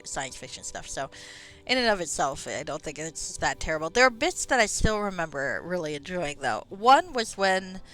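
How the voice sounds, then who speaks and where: A woman's voice: lowish voice, sing-song, normal speed, a bit bright, faint music behind. A woman streaming a game, chatting casually on tangents, swearing and laughing at herself, breathing audibly into a close mic. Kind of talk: casual rambling chat. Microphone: close microphone.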